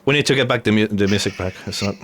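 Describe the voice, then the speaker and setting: A man's voice: on the low side, racing, noisy background. A man streaming a video game, chatting casually and laughing often at his own mistakes. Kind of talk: casual live gameplay chat.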